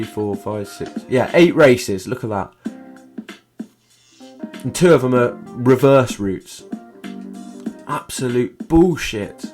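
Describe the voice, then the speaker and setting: A young man giving a sarcastic, profane video game review, swearing often. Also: mid-range voice. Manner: sarcastic, swears often, shouts in disbelief at glitches.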